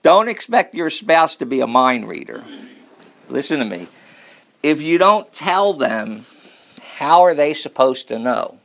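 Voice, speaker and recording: A man preaching to a congregation with a gravelly, slightly raised voice. He talks in a folksy, joking way that shifts between low, confiding asides and louder, emphatic points. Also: big pitch swings, unhurried. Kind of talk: sermon.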